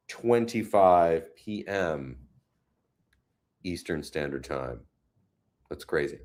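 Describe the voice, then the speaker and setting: A man hosting a casual live stream from his home in New York City, chatting about the weather and reading viewer comments aloud with gentle, consoling words. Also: sits low, drawn-out words, pauses often. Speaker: host.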